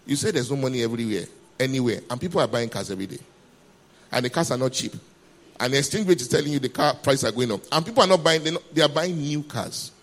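A man's voice: mid-range voice, lively intonation, fast talker. A man preaching a sermon, emphatic and calling for responses from the congregation.

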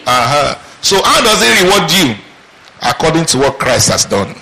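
A male pastor delivering a sermon with a bright, forceful tone and a slightly raised pitch. He fires rhetorical questions and answers them himself in call-and-response. Faint ambience hums behind him. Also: sing-song, fast talker, slight background noise, rough recording.

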